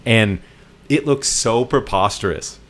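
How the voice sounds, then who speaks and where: A man's voice: mid-range voice, slow pace, fairly bright tone. A man co-hosting a podcast, retelling a story in a casual, rambling way with lots of fillers and restarts. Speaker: podcast co-host.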